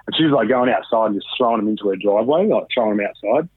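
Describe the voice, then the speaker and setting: A man's voice: lowish voice, lively intonation, very fast, breathy edge, no room sound. A man in his thirties with an Australian accent, a guest telling a story candidly in a casual interview, swearing freely and retelling events with animation. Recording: dry, tinny phone line.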